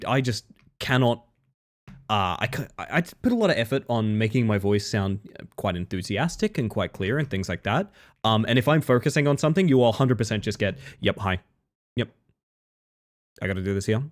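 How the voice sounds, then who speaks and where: A man streaming a speedrun late at night, chatting casually with his viewers, thinking aloud and correcting himself as he plays. He sounds a little tired. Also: fairly low pitch. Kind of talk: casual gameplay commentary.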